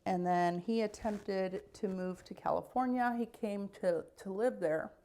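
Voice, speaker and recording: A middle-aged woman chatting casually in a get-ready-with-me vlog, telling her story in an unhurried way with dry little asides. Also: mid-range voice, dark tone. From United States. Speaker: vlogger.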